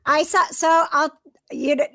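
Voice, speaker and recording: A woman's voice: high voice, steady tone, unhurried, sharp tone, no room sound, clean studio sound. A woman hosting a podcast, talking in a chatty, upbeat way and laughing easily. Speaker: podcast host. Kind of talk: casual podcast chat.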